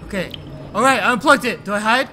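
A man giving let's-play commentary on a horror game, excitable and yelping when startled. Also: sits high, fast, noisy background. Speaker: gaming YouTuber.

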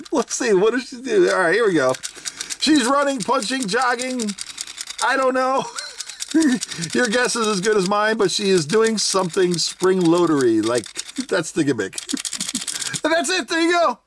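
A toy reviewer hosting a casual unboxing video, chatting with excitement, giggling often and thinking aloud. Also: mid-range voice, unhurried, long pauses, a little hiss or hum. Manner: thinks aloud, unsure asides. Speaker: toy reviewer, channel host.

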